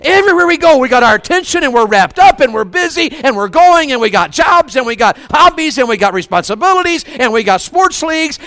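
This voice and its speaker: A man's voice: very high-pitched, pushed and bright, no room sound. A man with a Southern US accent preaching a fervent revival sermon, often putting questions to the congregation. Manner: fervent, asks the crowd questions.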